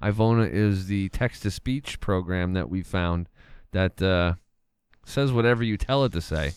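A man's voice: low-pitched, a little slow, clear, resonant tone, no room sound. A man hosting a casual radio show, joking around, rambling with lots of fillers and laughing often.

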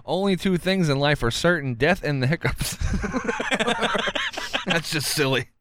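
Giggly young man with lively pitch. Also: slow pace, no room sound, studio quality. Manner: giggly, laughs often between lines. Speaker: podcast co-host. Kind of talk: casual comedic chat.

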